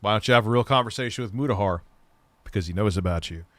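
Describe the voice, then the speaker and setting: A man's voice: on the low side, quick pace, no room sound. Guy ranting on his stream, swears a lot, sarcastic, dry close sound. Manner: mocking, profane, ranting. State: recovering from a leg injury. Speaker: live-stream host reacting to a clip. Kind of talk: casual live-stream commentary.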